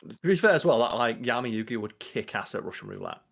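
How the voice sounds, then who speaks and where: A man's voice: medium pitch, expressive, fast, gravelly, fairly bright tone. A young adult man co-hosting a podcast, chatting casually and riffing with a lot of swearing. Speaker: podcast co-host. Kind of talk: casual chat.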